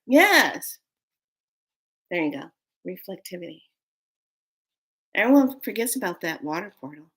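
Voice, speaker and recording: A woman chatting excitedly as she gives a spiritual card reading, often repeating words for emphasis. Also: fairly low pitch. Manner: animated and excitable, breaking into whispers and laughs.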